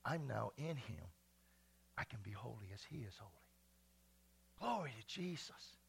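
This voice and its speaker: A man pastor preaching a sermon, dropping to quiet asides and then rising to loud, ringing exclamations. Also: medium pitch, very animated, moderate pace, gravelly, long pauses, slightly rough.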